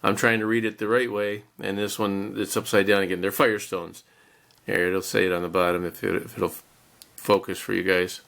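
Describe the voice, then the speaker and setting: A man's voice: low-pitched, flat delivery, a little fast, vocal fry, fairly bright tone. A man casually narrating a model car kit unboxing, chatty and rambling, with self-deprecating chuckles.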